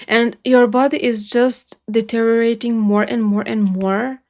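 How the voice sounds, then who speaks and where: A woman's voice: a little high, little pitch movement, measured pace, darkish tone. A woman from Romania hosting a music reaction video, talking earnestly and emotionally and repeating phrases for emphasis. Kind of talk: casual reaction commentary.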